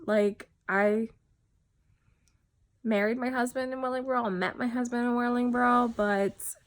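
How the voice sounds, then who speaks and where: A woman from New Jersey giving a personal testimony, speaking haltingly and often dropping quiet. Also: fairly high pitch, steady tone. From New Jersey, USA. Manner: halting, many fillers and restarts, often drops soft.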